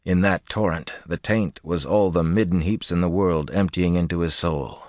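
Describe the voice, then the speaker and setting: A man narrating a fantasy audiobook in a measured, intense storytelling manner. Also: low-pitched, fairly even intonation, a little mellow, no room sound, clean studio sound.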